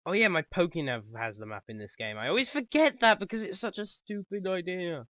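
A man hosting a let's play, commenting excitedly on the game, joking and laughing easily. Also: sits high, fairly quick.

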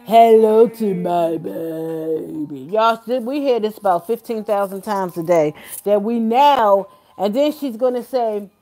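A young mother vlogs from her kitchen with a high-pitched voice. She chats loosely with her viewers and keeps calling them "y'all". Her delivery is relaxed and conversational. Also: normal speed. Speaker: vlogger and mother. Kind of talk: casual chat to camera. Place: home kitchen.

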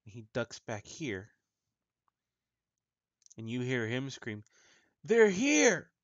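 Slow-talking male game master, muffled audio. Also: mid-range voice, fairly even intonation, dry recording. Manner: slow, halting narration with fillers. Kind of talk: narrating a tabletop game.

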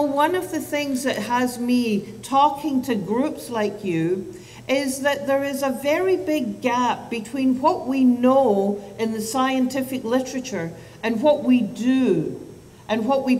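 A woman in her fifties with a fairly high voice gives a chatty, self-deprecating talk to parents and teachers. She is heard from some way off in a hall with a long reverb. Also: takes it slowly, darkish tone. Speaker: child psychiatrist and speaker. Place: event hall. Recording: distant mic, long hall reverb, faint noise.

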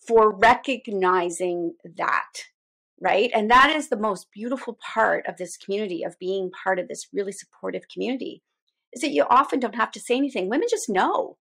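A middle-aged woman with a gravelly, fry-edged voice, pitched in the middle range for a woman. She speaks as an interview guest, recounting her story in a heartfelt, animated way. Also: moderate pace. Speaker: guest, radio show host. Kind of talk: conversational interview.

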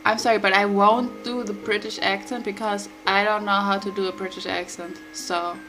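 A woman's voice: mid-range voice, level tone, normal speed, rough recording. A woman streaming a video game, chatting casually and reading its dialogue aloud in an amused way. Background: game music.

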